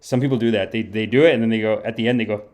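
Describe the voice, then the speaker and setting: A man's voice: fairly low pitch, fairly even intonation, very fast, darkish tone. Rambling man hosting a mock-preachy livestream. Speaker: comedy livestream host. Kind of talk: mock-guru livestream banter. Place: home streaming setup.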